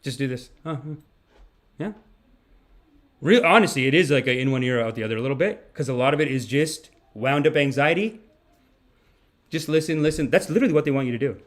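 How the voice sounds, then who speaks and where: A man's voice: medium pitch, animated, a little fast, pauses often. A man hosting a comedic livestream, rambling in a mock-preachy, profane manner. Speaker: podcast host.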